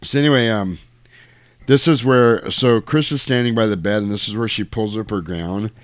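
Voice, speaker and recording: A man's voice: on the low side, moderate pace, dry recording. A man co-hosting a podcast, casually recapping a movie in a rambling, profane way. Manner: rambling, profane, jumps between tangents and quoted lines. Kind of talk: casual chat.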